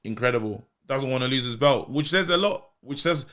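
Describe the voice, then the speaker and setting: A man, co-hosting a podcast in animated, slangy casual chat. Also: medium pitch, a little fast. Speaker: podcast co-host.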